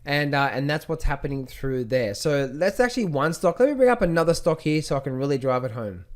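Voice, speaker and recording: A man's voice: on the high side, big pitch swings, brisk. A man teaching chart reading over a screen share, asking rhetorical questions and repeating key phrases. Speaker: trading instructor.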